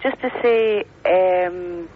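A woman's voice: fairly low pitch, extremely slow, slight background noise. A woman from Edinburgh with a Scottish accent calling a radio phone-in, chatty and pleading, over a telephone line. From Scotland. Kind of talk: phone-in call.

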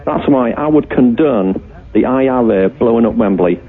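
A man's voice: mid-range voice, normal speed. A man from Hull with a Yorkshire accent, calling a radio show to rant bluntly about his opinions. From Hull, England. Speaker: caller. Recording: tinny phone line.

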